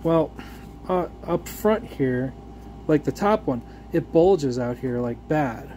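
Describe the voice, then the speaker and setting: A man's voice: a little high, expressive, slow, mellow, a little hiss or hum. A man giving a casual, profanity-laced vlog rant with rambling restarts and fillers, like someone telling a story about a frustrating purchase. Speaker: gun vlogger.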